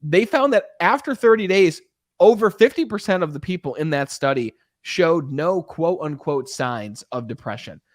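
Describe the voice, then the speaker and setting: Man, earnest, talkative, podcast host, slightly high pitch, dry close-mic sound. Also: animated, normal speed, no room sound. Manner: talkative, earnest, acts out quoted dialogue. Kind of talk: casual conversation, storytelling.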